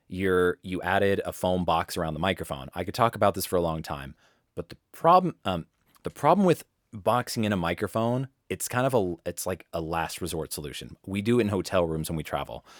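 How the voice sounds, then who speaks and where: Deep-voiced casual male voice coach. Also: dry recording, clean studio sound. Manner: casual, rambling, restarts sentences. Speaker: voice-over coach. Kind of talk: live webinar teaching. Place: home studio.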